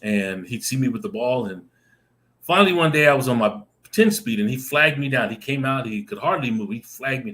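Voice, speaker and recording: A man on a video call telling a lively personal story, acting out the voices in it and laughing often. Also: mid-range voice, fairly quick. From Arizona. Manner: animated, acts out voices in his stories, laughs often. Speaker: guest storyteller. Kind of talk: casual anecdote telling.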